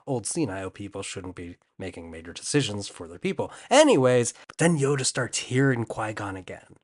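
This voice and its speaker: A man's voice: lowish voice, sing-song, moderate pace. A young man telling a comedic recap in a casual, rambling, slangy way, quoting characters offhandedly.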